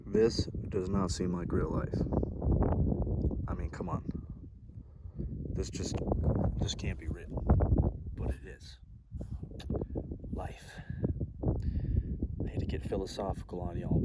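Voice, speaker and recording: Casual male vlogger, deep-pitched, heartfelt and profane, recorded outdoors over heavy background noise. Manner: relaxed, rambling, heartfelt, swears often. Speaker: solo van traveler. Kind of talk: casual vlog to camera. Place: outdoors at a desert arch.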